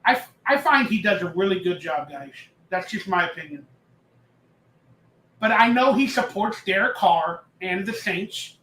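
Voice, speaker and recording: Man, livestream host, high voice, casual rambling chat, roomy echo. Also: animated, unhurried, sharp tone. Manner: chatty, reads chat aloud, jokes and rambles. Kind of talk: casual live-stream chat.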